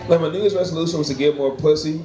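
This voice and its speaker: A man's voice: on the high side, fairly even intonation, racing. A man doing a loose, profane stand-up set at an open mic, laughing at his own jokes. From Florida. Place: bar or small venue. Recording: echoey room, crowd heard.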